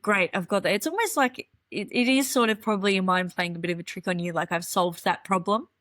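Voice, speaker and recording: A woman's voice: medium pitch, a little fast, fairly bright tone, no echo, studio quality. A woman with an Australian accent hosting a podcast interview, talking supportively and sometimes speeding through her sentences. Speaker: podcast host. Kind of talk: casual interview chat.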